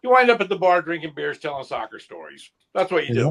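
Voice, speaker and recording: Man, podcast co-host, gravelly, husky, laid-back storyteller. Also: on the high side, big pitch swings, fast, a bit bright. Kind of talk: casual round-table chat.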